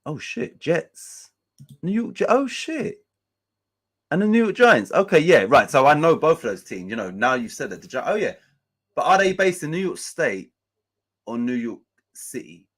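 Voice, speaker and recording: A man's voice: a little high, big pitch swings, moderate pace. A man hosting a casual live match-day stream, chatting loosely, swearing freely and reading out chat messages and scores.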